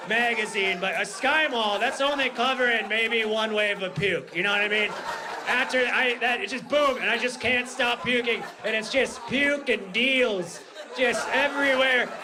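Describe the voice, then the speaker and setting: A man doing stand-up with a fairly high voice, rambling through a story in a casual way. His delivery sinks into low, quiet mutters and then climbs into shouts. The recording is a live club set on a handheld mic, with clear room noise underneath. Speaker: stand-up comedian. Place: comedy club stage.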